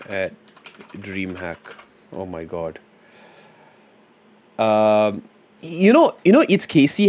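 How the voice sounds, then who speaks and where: A man in casual livestream chat, his voice sitting at an ordinary middle pitch. He thinks out loud, trails off into mumbles while reading viewer ideas, and drops slang and fillers freely. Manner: loose and slangy, with frequent fillers. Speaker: live streamer.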